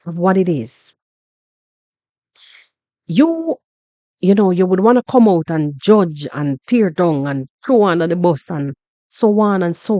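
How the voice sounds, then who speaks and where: A Jamaican woman hosting a podcast, talking through a story in an animated, repetitive way and often asking "you understand?". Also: on the low side, no echo. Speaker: podcast host. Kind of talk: casual commentary monologue.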